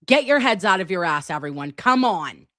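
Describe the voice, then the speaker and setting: A woman scolds the audience insistently, her pitch swinging widely as she presses her point. Her voice sounds dry and close. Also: very animated, quick pace, a bit bright, dry recording. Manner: scolding, emphatic. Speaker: livestream co-host.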